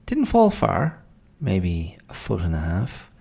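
Gravelly low-voiced Irish man. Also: wildly swooping pitch, slow, warm tone. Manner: wry, storytelling, exasperated asides. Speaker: podcast host. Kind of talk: casual solo monologue. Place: indoors at home, late night.

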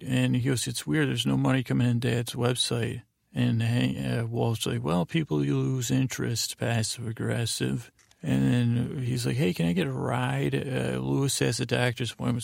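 A man's voice: medium pitch, dry recording, clean studio sound. A man hosting a podcast, recapping a TV episode in a rambling, plain way with many fillers, quoting each character in his own voice. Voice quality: gravelly. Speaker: podcast host. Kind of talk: sleepy, meandering episode recap.

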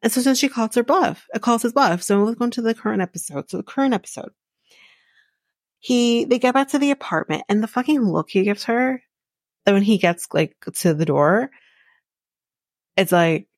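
A woman's voice: medium pitch, moderate pace, a little mellow, dry recording, studio quality. A woman hosting a podcast, recapping a reality show in a blunt, sarcastic, swear-heavy way and laughing often as she talks. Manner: laughs often while talking. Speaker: podcast host.

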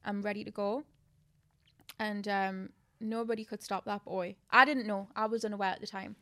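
A woman's voice: medium pitch, normal speed. A young woman, chatting casually as a podcast guest and telling stories animatedly. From England. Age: 20s. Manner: animated storytelling, lots of "like".

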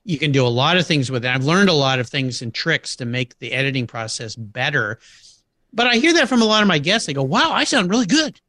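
A man's voice: mid-range voice, sing-song, fairly quick, sharp tone, dry recording, studio quality. A middle-aged man telling anecdotes in a casual interview, acting out quoted voices and laughing often. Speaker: podcast guest.

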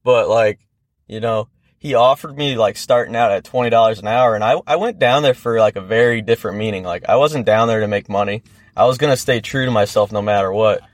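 A man's voice: lowish voice, fairly quick, no echo, clean studio sound. A young man from the Midwest, a skateboarder and guest, telling stories in a laid-back, rambling way and swearing freely. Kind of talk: casual podcast storytelling.

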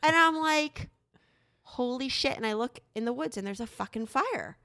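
Her voice is gravelly, fairly quick and on the high side. She's a woman in her thirties co-hosting a podcast, animatedly recounting a story to her husband with frequent swearing in easy chat.

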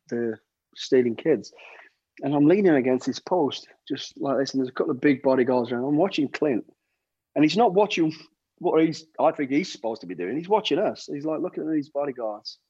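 His voice is fairly high yet dark and a little rough, with no echo in the dull, dry recording. The middle-aged UK man, formerly a soldier and bodyguard, spins rambling anecdotes in casual conversation, often restarting and acting out what people said.

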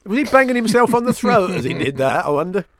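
A man hosting a jokey clip show on the radio, quick with quips and often laughing. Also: sits high, very animated, a bit bright, no echo.

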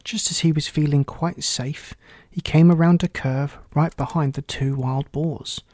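A man narrating a children's storybook aloud in a steady, clear reading voice. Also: fairly high pitch, measured pace, no room sound, clean studio sound.

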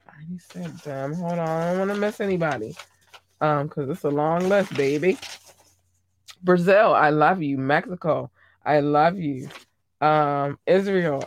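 A podcast host chatting casually on a livestream, gushing and affectionate, calling listeners babies and darlings, with the voice leaping between low murmurs and high squeals. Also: no echo, clean studio sound.

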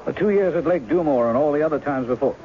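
A man's voice: a little high, expressive, fast, close to an everyday voice. An actor in his forties playing a charming writer who poses as a woman's lost husband, breezy and teasing, in 1970s radio drama style. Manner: teasing, breezy, later rueful. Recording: dull old radio broadcast with music.

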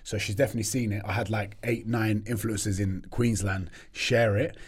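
A man's voice: lowish voice, fairly quick, breathy edge. A man chatting casually as a podcast guest, telling stories with lots of slang. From Turkish heritage. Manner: animated storyteller, laughs often, British slang. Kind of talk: casual chat.

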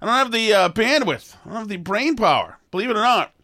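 Animated high-voiced man hosting a podcast. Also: fast talker. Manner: joking, self-mocking. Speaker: podcast host. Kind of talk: casual banter.

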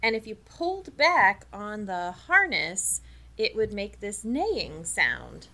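A woman chatting casually on a podcast, jumping in with quick quips. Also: medium pitch, big pitch swings, sharp tone. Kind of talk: casual chat.

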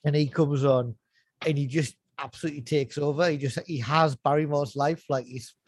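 A man's voice: fairly high pitch, steady tone, normal speed, a little hiss or hum. A man chatting casually, retelling a TV show with laughter and mimicked voices.

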